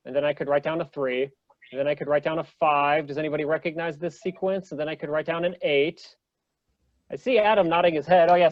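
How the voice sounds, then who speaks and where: A man's voice: fairly high pitch, dry recording, muffled recording. A man giving an online lecture to a group, eager and full of ums and restarts as he explains. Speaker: presenter.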